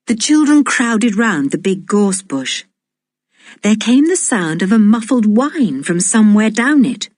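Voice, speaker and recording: A woman reading a children's adventure audiobook aloud in a slow, deliberate and expressive way. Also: mid-range voice, no echo, studio quality. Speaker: audiobook reader. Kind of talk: storybook narration.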